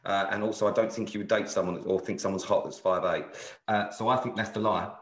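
A man's voice: fairly low pitch, little pitch movement, fast talker, roomy sound, noisy background. A man hosting a podcast, teasing and quizzing his co-host in casual chat.

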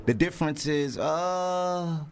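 A man's voice: fairly high pitch, slow pace, a little hiss or hum. A man from Brooklyn with a New York accent, telling wild stories in a casual, slangy chat as a guest. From Brownsville, Brooklyn, New York. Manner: laid-back, slangy, animated when telling stories. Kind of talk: casual storytelling.

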